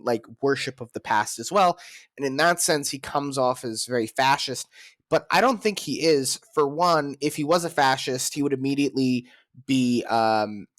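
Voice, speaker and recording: A man's voice: mid-range voice, fairly bright tone, no room sound. Opinionated male podcast host, dry sound. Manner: opinionated, argumentative. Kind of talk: casual chat.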